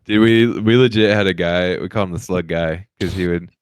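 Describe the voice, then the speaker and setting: Young male co-host, very low smooth voice, close dry mic, relaxed rambling. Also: moderate pace, no echo. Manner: laid-back storytelling with frequent "like" and laughter-prone asides. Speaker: podcast co-host. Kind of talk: casual comedic chat.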